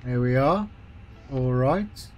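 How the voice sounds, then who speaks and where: A man's voice: mid-range voice, lively intonation, slow pace, darkish tone, faint music behind. A man streaming a flight simulator, chatting casually as he talks through each step with friendly asides. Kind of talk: live-stream commentary while playing.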